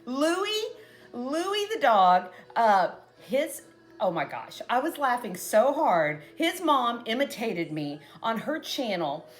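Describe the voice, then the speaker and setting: A middle-aged Texan woman talks straight to her viewers in a chatty vlog style. Her voice sits a little high and swings widely in pitch. She tells stories in an animated way and acts out the lines of the people in them. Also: slow. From Texas. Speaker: home cooking and craft vlogger. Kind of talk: casual chat to viewers.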